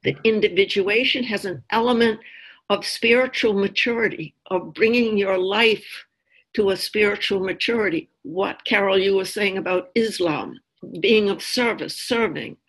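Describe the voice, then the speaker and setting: A woman with a husky, breathy voice guides a reflective group discussion. She retells stories in a thoughtful, measured way, pitched in the middle range. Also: fairly bright tone, rough recording. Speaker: discussion leader.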